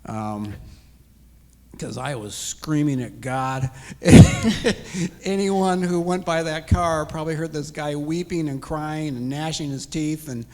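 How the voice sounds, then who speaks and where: A retired man in his sixties, appearing as an interview guest, tells an emotional personal story and acts out the dialogue. His voice is slow, a little mellow, and on the high side, with long hall reverb from a church sanctuary.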